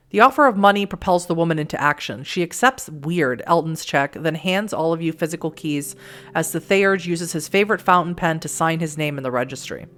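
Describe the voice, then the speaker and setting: A woman's voice: sits low, fairly bright tone. Chatty laughing let's-play woman. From Massachusetts. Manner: chatty, laughs often, quick asides. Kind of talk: reading a text game aloud with commentary.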